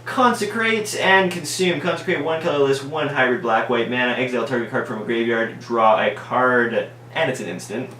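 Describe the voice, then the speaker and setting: A man reading trading card text aloud and lavishing tongue-in-cheek praise on each card. He speaks at an ordinary middle pitch, set back from the microphone. The room is echoey, with a faint hum underneath. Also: moderate pace, few pauses, pushed and bright, distant mic. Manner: mock-enthusiastic, ironic over-praise of every card. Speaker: card game reviewer.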